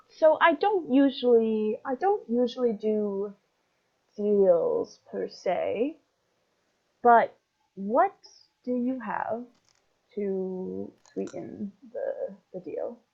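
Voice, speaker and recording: A woman voicing a wary, suspicious marketplace merchant, talking haltingly as she makes it up. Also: mid-range voice, heavily acted. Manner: hesitant, halting, makes it up on the spot. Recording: dull lo-fi sound.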